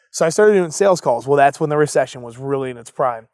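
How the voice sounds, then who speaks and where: A young man with a fairly high voice tells his story in a relaxed interview, playing out both sides of old arguments. His voice is recorded up close and dry, with no room sound. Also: fast, dry recording. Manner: animated storyteller acting out both sides of conversations. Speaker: entrepreneur guest.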